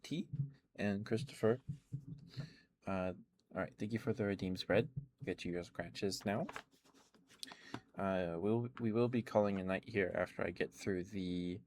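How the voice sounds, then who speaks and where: A man chatting casually with stream viewers, relaxed and rambling with soft laughs. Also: deep voice, a little hiss or hum. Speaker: ASMR streamer.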